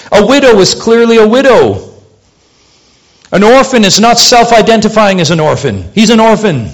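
A man preaching a sermon, earnest, asking rhetorical questions and swinging between loud emphasis and quiet asides. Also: on the high side. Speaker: pastor.

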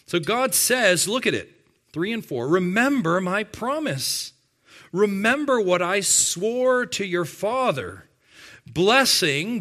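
A man delivering a sermon with a bright, ringing tone and a slightly raised pitch. He speaks straight to his congregation and slows down to stress key words, with a strong emphatic rise on the main points. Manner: emphatic preaching, slowing and rising on key words; addresses the congregation directly. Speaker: pastor.

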